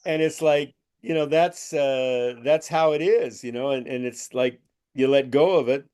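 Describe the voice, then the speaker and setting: A middle-aged man with a voice of ordinary pitch speaks as a spiritual teacher in loose conversation. He rambles, restarts and slips into acted-out quoted voices to make his point. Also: a little slow, darkish tone, clear, resonant tone.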